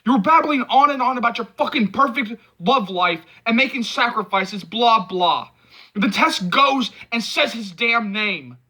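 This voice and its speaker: A man voicing a hot-tempered, drunk young man who snaps, curses and shouts. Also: extremely high pitch, animated, unhurried, husky, voice pushed up, heavily acted. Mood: angry. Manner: snapping, cursing, shouting. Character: angry, volatile young man, drinking.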